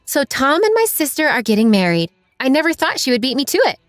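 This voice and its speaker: A woman voicing a younger sister in her late twenties who talks in a bright, teasing way. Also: high voice, big pitch swings, fast, no echo, studio quality, soft background music, voice pushed up.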